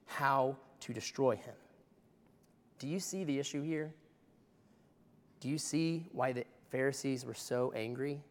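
A male pastor preaching with impassioned, conversational energy, his mid-range voice carried by a long church reverb. He moves between casual asides and fervent emphasis. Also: medium pitch. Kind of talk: sermon.

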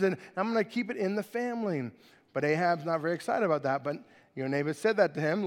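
A pastor preaching a sermon and reading scripture, acting out the characters with animated voices. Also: male voice, high voice, big-room sound.

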